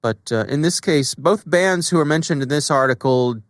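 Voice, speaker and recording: A middle-aged man hosting a podcast in casual chat, relaxed and musing. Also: fairly high pitch, normal speed, no echo, clean studio sound. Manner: relaxed, thinking aloud with fillers. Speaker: podcast host.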